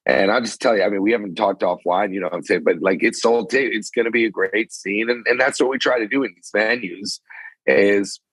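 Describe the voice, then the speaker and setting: A middle-aged man, a concert promoter, chatting casually and rambling in animated bursts. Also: fairly low pitch, fairly quick, slightly rough, no echo, poor audio. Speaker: venue owner and concert promoter. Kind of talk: casual chat. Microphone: phone call.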